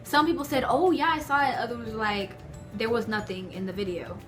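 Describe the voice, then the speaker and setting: A young woman vlogger telling stories to the camera from her bedroom, in a chatty, animated way full of filler words. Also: on the high side, a little fast, soft background music. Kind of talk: casual storytelling to camera.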